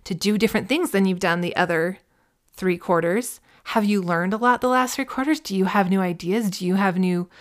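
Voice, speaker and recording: Woman, podcast coach, mid-pitched voice, warm conversational encouragement. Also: fairly quick. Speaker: business coach. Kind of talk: podcast monologue.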